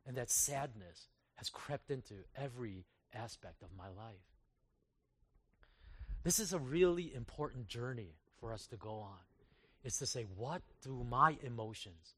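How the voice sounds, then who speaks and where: Male pastor, sermon at a retreat, conversational and self-mocking, swings from loud to hushed. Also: medium pitch.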